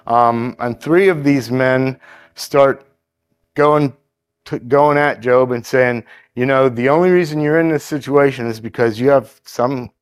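A man preaching a sermon in a conversational, halting way, with fillers and restarts, who reads scripture aloud in a steadier cadence. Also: mid-range voice.

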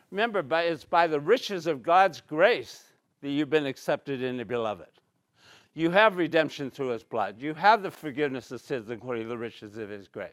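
A man's voice: a little high, expressive, normal speed, no echo. A man preaching a bible study sermon, reading scripture aloud and stressing key words.

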